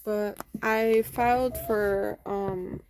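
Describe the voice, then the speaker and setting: A woman's voice: medium pitch, steady tone, very slow, a little mellow. Brief: young woman, casual vlog rant, cursing and rambling, noisy home recording. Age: young adult. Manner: rambling, profane, frequent fillers. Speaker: vlogger. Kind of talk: casual venting monologue.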